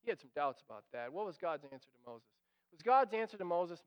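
A man preaches a sermon with a strikingly high, smooth and resonant voice. He speaks in an animated way, acting out the lines he quotes and at times sinking to a near whisper. The recording sounds dull and lo-fi. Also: a little fast. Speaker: pastor.

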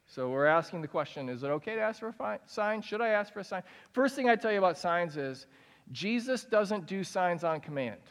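A man's voice: sits high, lively intonation, fast, few pauses, fairly bright tone, smooth, in a large hall. A man giving a conversational sermon as pastor, often asking his listeners questions. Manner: conversational, asks the audience questions.

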